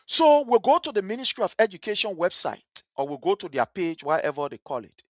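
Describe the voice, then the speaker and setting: A man's voice: high-pitched, big pitch swings, brisk, few pauses, dry recording, dull audio. A man giving heated, indignant commentary on a live stream, repeating phrases for emphasis. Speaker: livestream host.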